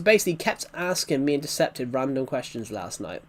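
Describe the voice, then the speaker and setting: A man's voice: mid-range voice, sing-song, a little fast, few pauses, a little hiss or hum. A man, a gaming streamer, telling a story in casual chat with rambling restarts.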